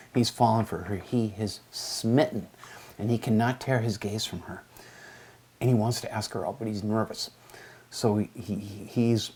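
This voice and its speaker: A man's voice: on the low side, dark tone, slightly rough. A man in his sixties, an English teacher, telling stories to a class in a rambling, digressive way with many fillers. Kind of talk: lecture with a poetry reading.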